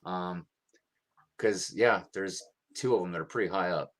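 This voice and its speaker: This low-pitched American man speaks at a measured pace while co-hosting a livestream. His casual chat is relaxed and rambling, full of ums.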